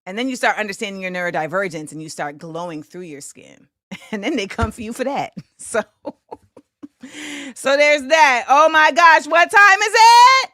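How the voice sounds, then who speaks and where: A woman in her forties hosting a livestream talk show, chatting animatedly and breaking into sing-song shout-outs to the chat. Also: on the high side, expressive, moderate pace, dry recording. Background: faint music.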